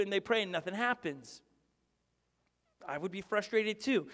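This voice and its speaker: A man preaching a sermon with a high, light voice, animated and conversational. He slips into quick voices to act out prayers and quotes. The sound rings with the long reverb of a large hall. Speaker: pastor. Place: church auditorium.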